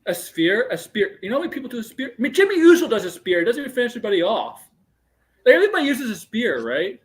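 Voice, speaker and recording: Excitable high-voiced man chatting wrestling. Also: rapid-fire. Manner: excitable, swears a lot, rambling. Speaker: podcast host. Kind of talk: casual wrestling chat.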